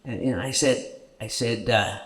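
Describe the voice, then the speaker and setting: A man from Canada answering audience questions at a festival screening, halting and repeating words often as he tells stories. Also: mid-range voice. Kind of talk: festival Q&A storytelling. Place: festival stage Q&A.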